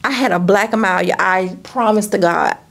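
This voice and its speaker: A woman vlogger telling a personal story in an animated, dramatic way, speaking straight to her viewers and acting out what people said. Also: moderate pace, gravelly. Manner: acts out quotes with sudden high-pitched bursts. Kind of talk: storytime vlog.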